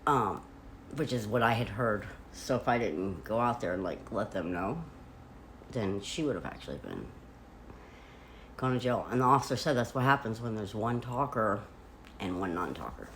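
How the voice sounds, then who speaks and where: A woman vlogger chatting casually from a hotel room, retelling events in an animated way with lots of "like.". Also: rumbling low, moderate pace, slight background noise. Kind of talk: casual storytelling.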